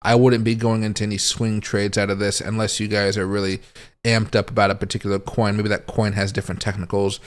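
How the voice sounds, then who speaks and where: A man's voice: on the low side, level tone, brisk, clean tone. A man giving casual, rambling livestream commentary on crypto charts, thinking aloud as he goes. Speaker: crypto market streamer.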